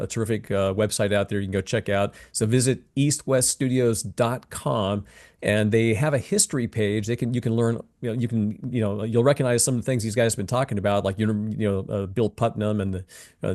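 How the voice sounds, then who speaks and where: A man's voice: on the low side, darkish tone. Chatty male interview host. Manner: friendly, loose, many fillers. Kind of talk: podcast interview hosting.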